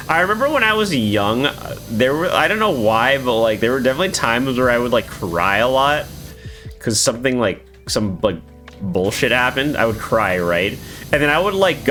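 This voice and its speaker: A man's voice: mid-range voice, bright, forceful tone. A man streaming live, chatting casually with viewers in a rambling, swearing way with lots of filler words.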